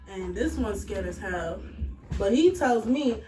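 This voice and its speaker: This one is slow and mid-range: a woman in her twenties casually recounting a personal story, blunt and packed with swearing, animated in the retelling. Faint hiss, an echoey room and a far-off mic mark the sound.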